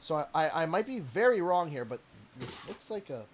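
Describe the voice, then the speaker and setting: A young man from Canada chats through a livestream unboxing, joking and rambling as he goes. His voice sits high for a man and swings widely in pitch, jumping up when something excites him. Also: moderate pace, slight background noise. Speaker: streamer. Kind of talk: casual livestream chat while unboxing.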